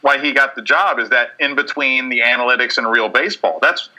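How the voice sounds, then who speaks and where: A man's voice: medium pitch, brisk, bright, forceful tone, rough recording. A man hosting casual sports talk on the radio, loose and joking, swearing with lots of fillers.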